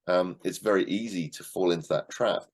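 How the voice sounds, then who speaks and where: A man's voice: sits low, a little fast. A middle-aged man leading an online class discussion of a book, in a conversational way, repeating words and acting out short quotes. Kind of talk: casual teaching talk to an online class.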